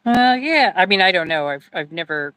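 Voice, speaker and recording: A woman chatting casually over a video call while making resin, talking loudly and laughing easily, close to her phone mic. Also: fairly low pitch, normal speed, rough recording. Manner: loud, animated, laughs easily. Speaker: guest resin maker. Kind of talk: casual live-stream chat while crafting. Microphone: phone mic on a video call, close to the face.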